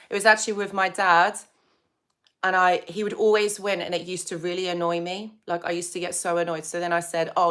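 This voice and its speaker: A woman hosting a casual live stream, chatting warmly and greeting viewers by name. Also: fairly low pitch. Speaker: psychology channel host.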